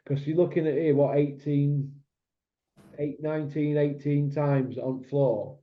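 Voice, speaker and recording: A man hosting a casual chat show, relaxed and chatty, asking drawn-out questions with fillers. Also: fairly high pitch, lo-fi sound. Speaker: host.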